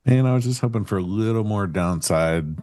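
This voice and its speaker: A man's voice: lowish voice, brisk, dark tone, no echo. A man co-hosting a live trading stream, laid-back with dry ribbing, commenting on his trades. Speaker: co-host and futures trader. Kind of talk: casual live-stream banter.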